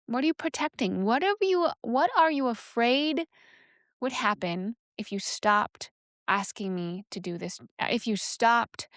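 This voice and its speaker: A woman's voice: mid-range voice, no echo, clean studio sound. A woman who teaches sexuality, explaining a step-by-step inner process in a frank, candid way, often restarting her sentences. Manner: frank, thinks aloud, many restarts and fillers. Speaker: sexuality educator and podcast host.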